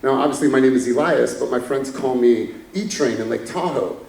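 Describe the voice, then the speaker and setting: A man's voice: medium pitch, brisk, creaky, darkish tone, far from the mic. A man giving a candid motivational talk from a conference stage, chuckling as he tells stories. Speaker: keynote speaker. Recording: echoey hall from afar.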